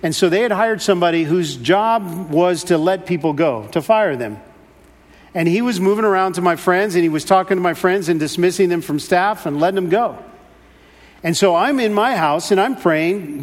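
A man's voice: high-pitched, moderate pace. A middle-aged man preaching a sermon and telling a personal story in an earnest, repetitive way. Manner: earnest storytelling, repeats words, rising exasperation. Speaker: pastor. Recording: hall reverb.

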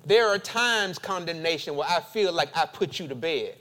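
A male pastor preaching a sermon, building emphatic repeated phrases and then dropping to quiet, confessional tones. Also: a little high, animated, normal speed. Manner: emphatic preaching with dramatic repetition.

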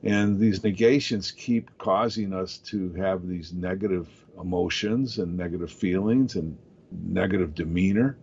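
A man's voice: on the low side, a little mellow, slightly rough, lo-fi sound. A man hosting a casual podcast conversation, explaining ideas in a coaching tone.

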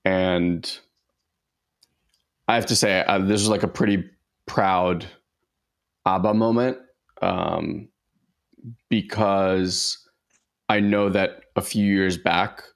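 Gravelly low-voiced man telling a heartfelt story. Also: fairly even intonation. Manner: heartfelt, halting, many fillers and restarts. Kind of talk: casual conversational storytelling.

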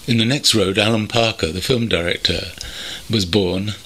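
An older man from North London looks back on his working life in a slow, thoughtful way, pausing often. His voice is husky with a bright, forward edge. He speaks as a guest, sitting in a country home. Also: fairly low pitch. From North London, England. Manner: thoughtful, measured, with many pauses and ums. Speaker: interview guest, veteran copywriter. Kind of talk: reflective reminiscing.

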